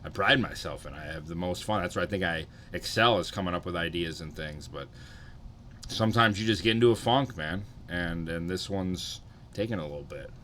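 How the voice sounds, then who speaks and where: Casual young male streamer, lowish bright voice, rambling and sluggish, faint noise behind. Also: brisk. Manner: laid-back, rambling, swears often, greets chatters. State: slightly hungover, sluggish. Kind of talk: casual live-stream chat.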